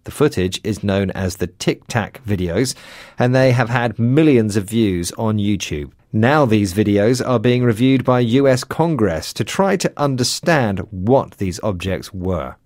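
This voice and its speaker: A man hosting a scripted educational radio programme, speaking in a clear, measured, teacherly way. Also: fairly low pitch, animated, a little mellow, dry recording. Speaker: host. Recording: dry studio sound.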